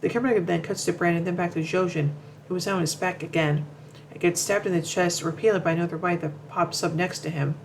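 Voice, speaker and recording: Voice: mid-range voice, steady tone, fast, hardly any pauses, slight background noise, poor audio. A commentator reading a narration from notes, often stumbling, repeating words and restarting sentences. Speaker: show commentator.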